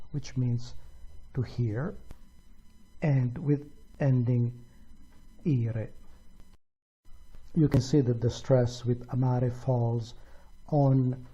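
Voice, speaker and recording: A man teaching a grammar lesson slowly and deliberately, pronouncing each example with care. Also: mid-range voice, dark tone, slightly rough, dull audio. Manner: slow, deliberate, careful pronunciation of examples. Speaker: language teacher. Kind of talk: slow explanatory grammar lesson.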